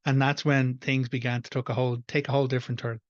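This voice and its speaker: A man's voice: mid-range voice, level tone, fast talker, no echo, lo-fi sound. An Irish man hosting a reaction video, ranting bluntly and with frustration. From Ireland. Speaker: host. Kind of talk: reaction commentary.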